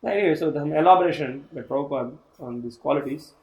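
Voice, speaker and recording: A man's voice: fairly high pitch, fast talker, darkish tone, reverberant, highs cut off. A man teaching a scripture course, reading passages aloud and commenting on them. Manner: reads aloud and comments, with laughs. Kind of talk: scripture class lecture.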